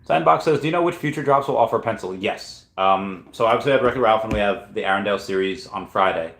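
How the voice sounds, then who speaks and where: A man's voice: fairly low pitch, animated, fast, a bit bright, slight background noise. A man hosting a casual livestream, reading out chat questions and answering them in a loose, rambling way, often correcting himself as he thinks aloud. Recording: roomy echo.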